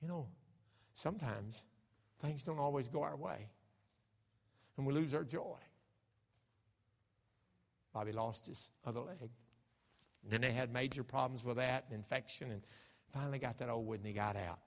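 A man with an American accent, a pastor preaching a sermon emphatically, moving from hushed storytelling to raised, fervent delivery. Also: mid-range voice, moderate pace, long pauses. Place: church sanctuary. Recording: church hall reverb.

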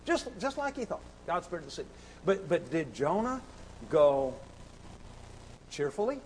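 A man preaching a sermon, impassioned and repetitive, swinging between shouts and hushed pleading. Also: a little high, big pitch swings, a little slow, slight background noise, rough recording. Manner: sings hymn lines briefly.

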